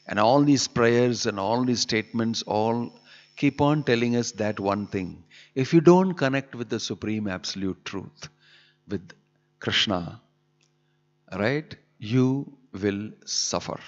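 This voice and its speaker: A man's voice: medium pitch, slow pace, lo-fi sound. A man giving a sermon on scripture, asking scolding rhetorical questions. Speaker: spiritual teacher.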